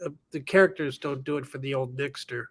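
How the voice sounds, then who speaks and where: A man in a casual chat, tossing in dry, deadpan quips. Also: mid-range voice, a little fast.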